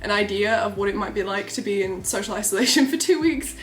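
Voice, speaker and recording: Excitable young woman, roomy sound. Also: mid-range voice, fast talker. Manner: chatty and excitable. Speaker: vlogger. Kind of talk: casual vlog diary. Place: small quarantine room indoors. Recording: roomy echo.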